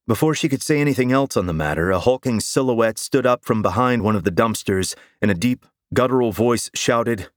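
A male audiobook narrator with a lowish voice, telling a first-person story in a wry, deadpan way. The sound is close and dry, with no room echo. He keeps an even, scripted storytelling delivery. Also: brisk.

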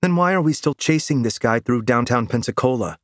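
A man's voice: mid-range voice, animated, fairly quick, no room sound, studio quality, pitched above the performer's own voice, close to an everyday voice. A man voicing a petite, tough female partner who scolds with exasperation in an audiobook. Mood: exasperated. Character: petite tough woman partner, stern and impatient.

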